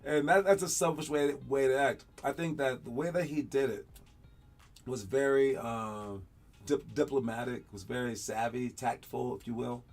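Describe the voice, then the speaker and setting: A man hosting a basketball show, talking casually over game clips and coaching young players in an animated, rambling way with frequent laughs. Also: mid-range voice, moderate pace, faint music behind.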